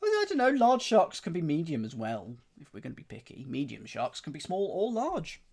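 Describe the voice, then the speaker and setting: A man's voice: on the high side, huge pitch swings, fairly quick, creaky, a little mellow. A man streaming as he solves a crossword, thinking aloud, questioning himself and chatting with his live chat. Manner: muses and questions himself aloud, with frequent fillers and self-corrections.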